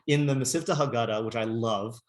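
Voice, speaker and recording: A man of medium pitch rambles haltingly through an informal class on texts, his speech packed with fillers. He reads Hebrew passages out loud and then translates them.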